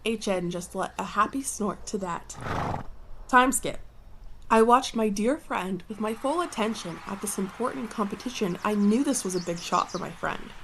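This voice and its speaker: A woman's voice: mid-range voice, moderate pace, fairly bright tone, a little hiss or hum. A woman reading a fan story aloud in a playful way, breaking off for joking asides and laughing at her own reading. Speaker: channel host reading fanfiction.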